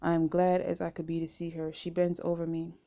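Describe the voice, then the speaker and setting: Low gravelly woman reading a memoir. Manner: steady, unhurried first-person reading. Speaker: audiobook reader.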